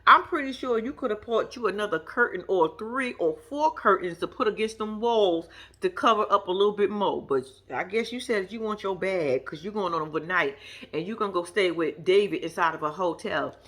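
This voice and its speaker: A woman's voice: mid-range voice, brisk, a bit bright. A woman casually recapping a reality show, chatty, blunt and profane, laughing often.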